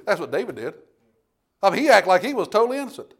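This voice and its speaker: A man preaching a sermon in a folksy storytelling way, calling out for amens and swinging between loud emphasis and hushed tones. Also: high-pitched, very animated, very fast. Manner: folksy storytelling, calls out "Amen?".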